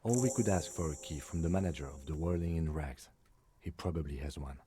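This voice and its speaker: A measured police lieutenant speaks in a calm, dry, practical way in a video game. His voice is low and mellow. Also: a little hiss or hum. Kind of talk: game voice acting.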